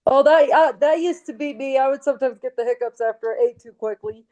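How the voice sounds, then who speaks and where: Giggly young woman, higher mellow voice. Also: dull audio. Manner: chatty and giggly, tells things in quick fragments. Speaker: podcast co-host living with seizures. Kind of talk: casual chat.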